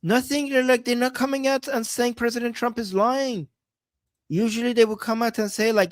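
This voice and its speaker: A woman's voice: a little high, a little fast, no echo. A woman co-hosting a livestream, commenting casually and animatedly, often laughing and mimicking voices. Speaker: livestream co-host.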